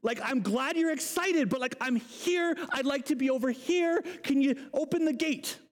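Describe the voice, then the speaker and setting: A preacher putting on a desperate escaped apostle at the door, high and urgent, begging to be let in with rising exasperation. It rings out in a big hall with a long echo. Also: male voice, moderate pace. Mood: pleading. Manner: pleading, exasperated.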